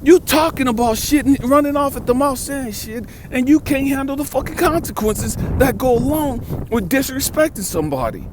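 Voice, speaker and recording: A man's voice: very high-pitched, lively intonation, moderate pace, hardly any pauses, noisy background. A man in his fifties from California, telling a blunt, profane story with emphatic repetition as a vlogger and life coach. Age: 50s. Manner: emphatic, street-talking, repeats for stress.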